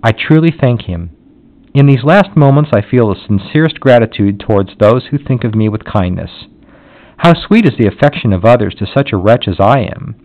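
A man reading the lines of a condemned young servant woman, gentle and resigned. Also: medium pitch, expressive, normal speed, close to an everyday voice. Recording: dull lo-fi audio.

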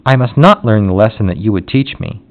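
A man reading the lines of a condemned young servant woman, gentle and resigned. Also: on the low side, a little fast, natural voice. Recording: dull lo-fi audio.

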